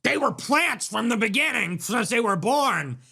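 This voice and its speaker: A man's voice: very high-pitched, expressive, unhurried, creaky, bright, forceful tone, breathy edge. A young man hosting a livestream, reacting to chat in a crude, sarcastic, ranting way. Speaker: livestream host.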